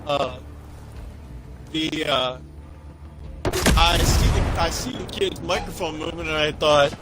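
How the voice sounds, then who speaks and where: A man casually telling a story with lots of swearing, acting out what each person said in an animated way. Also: a little high, slow pace, pauses often, noisy background. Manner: profane, animated, acts out quotes. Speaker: podcast co-host.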